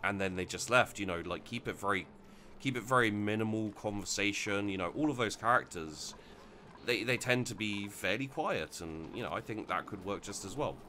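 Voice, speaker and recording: A low-voiced man chats loosely over his game footage, circling back and restarting his sentences as he goes. His voice has a bright, forceful edge, with a faint hiss underneath. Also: normal speed. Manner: rambling, many restarts and fillers. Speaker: let's play host. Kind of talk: casual gameplay commentary.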